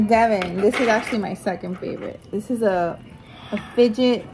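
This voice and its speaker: A young woman casually showing off puzzle toys at home, excited and teasing, constantly saying how cool things are. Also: medium pitch, moderate pace. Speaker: vlogger. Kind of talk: casual unboxing chat. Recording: noisy home recording.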